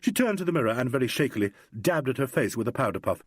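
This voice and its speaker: A man's mid-range voice with a breathy edge narrates an audiobook script, telling the story in a measured and expressive way. It's recorded at studio quality with no room sound.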